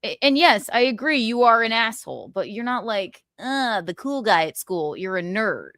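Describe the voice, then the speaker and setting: A woman's voice: on the high side, animated, normal speed, fairly bright tone, no echo, clean studio sound. A woman hosting a livestream, mocking and blunt with plenty of profanity as she comments on clips. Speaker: livestream host. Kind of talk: profane pop-culture commentary.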